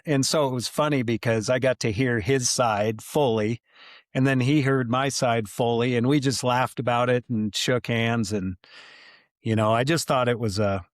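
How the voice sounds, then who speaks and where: Animated storytelling man, dry sound. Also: medium pitch, no room sound. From United States. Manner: animated, many fillers like "like" and "you know". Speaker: podcast guest. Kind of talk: casual storytelling.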